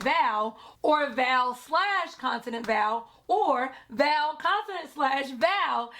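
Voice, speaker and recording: Energetic high-voiced woman, encouraging teacher-vlogger delivery. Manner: energetic, encouraging, exclaims often. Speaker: teacher and reading coach. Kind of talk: upbeat educational vlog talk.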